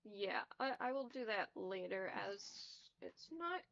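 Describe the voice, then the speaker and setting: A woman's voice: mid-range voice, animated, unhurried, a bit bright. A woman narrating a tabletop game as game master, with hesitant, filler-heavy delivery. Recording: dull lo-fi audio.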